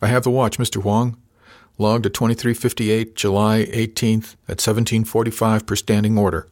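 A man's voice: fairly low pitch, little pitch movement, moderate pace, a little mellow, no echo, clean studio sound, natural voice. A man reading as a stern, bullying first mate. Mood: formal. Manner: cold, clipped and threatening.

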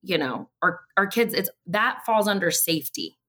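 A woman's voice: medium pitch, expressive, normal speed, bright, forceful tone. A woman in her thirties from Virginia, a school board candidate chatting casually as a podcast guest and acting out quoted voices. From Prince William County, Virginia, USA.

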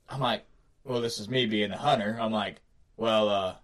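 A working-class man spins a rambling hunting yarn with a mid-range, ordinary voice. He gets excitable and laughs often as he tells it. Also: medium pitch, moderate pace. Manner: animated, laughing, excitable storyteller. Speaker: podcast guest telling a hunting story. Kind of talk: casual storytelling chat.

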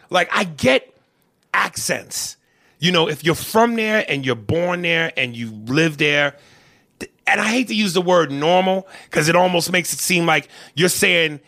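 Animated gravelly New host. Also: male voice, a little high, no echo, clean studio sound. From New York. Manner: animated, mimics accents, repeats words. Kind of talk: casual comedic podcast chat.

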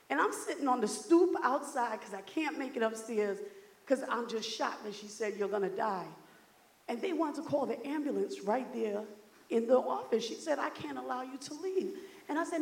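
A woman from Brooklyn telling a personal story to a seminar audience, animated and acting out what people said to her. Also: sits high, normal speed, gravelly. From Brooklyn, New York. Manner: animated, acts out quoted dialogue. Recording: echoey hall.

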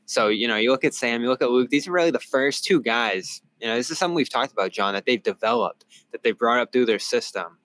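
A man's voice: mid-range voice, lively intonation, fast talker, few pauses, a bit bright, low-quality recording. A man, a sports reporter on a podcast, giving casual game analysis in a rambling way with many fillers and restarts, calling in remotely.

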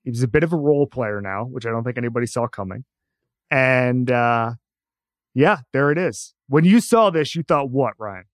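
A man's voice: medium pitch, expressive, moderate pace, no room sound. A man co-hosting a sports podcast, bantering in a wry, teasing way at a studio microphone. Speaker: podcast co-host. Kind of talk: casual sports talk.

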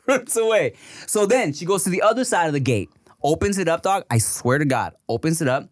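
A man in his thirties co-hosts a podcast and tells a story in casual, profane talk. His pitch jumps around a lot, and he laughs often. The sound is close and dry, with no room echo. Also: lively intonation, brisk. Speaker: podcast co-host. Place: podcast studio.

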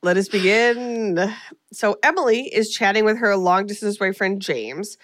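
A woman's voice: medium pitch, measured pace. A woman co-hosting a podcast, recapping a film in a rambling, casual way with lots of fillers. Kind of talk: casual chat.

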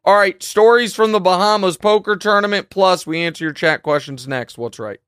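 Animated man hosting a sports podcast. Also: sits high, a little hiss or hum. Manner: animated, emphatic, quick asides and restarts. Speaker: sports show host. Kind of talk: casual monologue.

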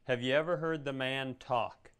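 A man's voice: medium pitch, fairly even intonation, moderate pace, a bit bright, clean tone. A man co-hosting a comedy podcast, telling rambling stories in casual chat. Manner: rambling storyteller, restarts and asides. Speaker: podcast co-host.

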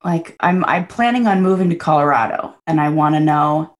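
A woman's voice: sits low, normal speed. A young adult woman chatting as a guest, bubbly and effusive, with lots of fillers. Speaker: podcast guest. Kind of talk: casual chat.

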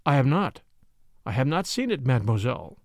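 A man voicing a grave, kindly older art professor who speaks with measured fervor. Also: medium pitch, big pitch swings, no room sound, voice pushed down. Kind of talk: audiobook character voice.

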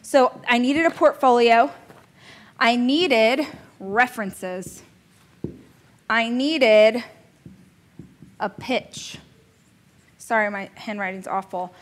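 High-voiced chatty woman business coach. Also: slow, long pauses. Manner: chatty and joking, laughs at herself. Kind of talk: casual coaching class talk.

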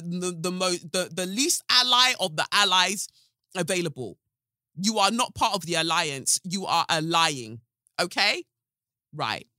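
A young woman hosting her own podcast, ranting bluntly and sarcastically, swearing freely and swinging between loud jabs and hushed asides. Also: low voice, no echo, studio quality. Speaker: podcast host. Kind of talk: animated solo podcast rant.

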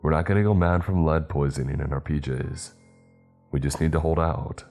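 A man's voice: extremely low pitch, steady tone, moderate pace, a little mellow, soft background music. A man voicing an upbeat male ship crewmate who talks in an easygoing, joking way. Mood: cajoling.

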